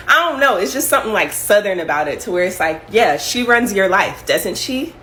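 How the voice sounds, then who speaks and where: A woman's voice: mid-range voice, lively intonation, normal speed, hardly any pauses, a bit bright, slight background noise. A young woman from the American South, a comedian talking casually to camera, playful and laughing often.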